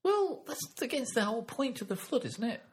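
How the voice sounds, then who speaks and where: A man's voice: extremely high pitch, big pitch swings, a little hiss or hum. A man trading crude, sardonic jokes in a casual comedic chat. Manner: sardonic, crude, quick to joke and laugh.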